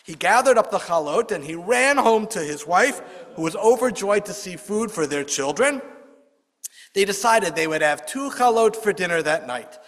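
Guy telling a folk story, kinda high voice, lively, echoing big hall. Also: moderate pace. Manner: expressive, voices characters with rising pitch. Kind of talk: oral storytelling. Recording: long hall reverb.

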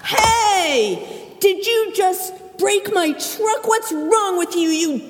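A woman's voice: very high voice, lively intonation, very slow, noisy background, exaggerated voice. A woman voicing a bossy older child who scolds a younger sibling, in a storybook tale. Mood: angry. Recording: echoey hall.

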